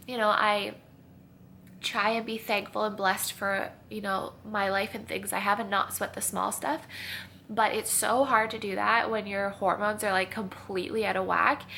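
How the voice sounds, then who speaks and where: A young woman vlogger chats to her camera in her home kitchen, rambling and confessional, sounding tired and tearful with sniffles. Her voice is medium-pitched, gravelly and sharp-toned, with slight background noise.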